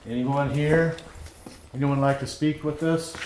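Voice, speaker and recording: Calm man calling out in echoey halls. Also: on the high side. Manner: calm, questioning, talks slowly to the unseen. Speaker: paranormal investigator host. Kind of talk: calling out to spirits during a ghost hunt. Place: large abandoned hospital, indoors. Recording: echoey empty building, faint noise.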